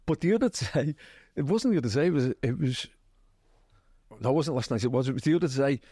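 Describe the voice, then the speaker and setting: A man with a Liverpool accent, a TV writer being interviewed, telling anecdotes in a lively, chatty way, acting out quotes and laughing often. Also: mid-range voice, fast, breathy edge, dry recording, studio quality. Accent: Liverpool (Scouse). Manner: animated storyteller, acts out quotes, laughs often. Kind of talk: casual anecdotal interview chat.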